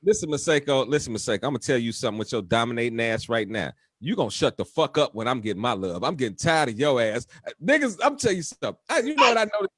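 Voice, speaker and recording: Man, host, profane ranting, lively pitch, dry sound. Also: quick pace, no room sound. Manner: loud, profane, animated ranting. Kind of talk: casual live-stream chat.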